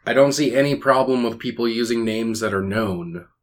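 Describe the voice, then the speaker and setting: A man in a casual podcast chat with an easygoing, middle-pitched voice. He answers in a relaxed way and slips in dry jokes. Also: moderate pace.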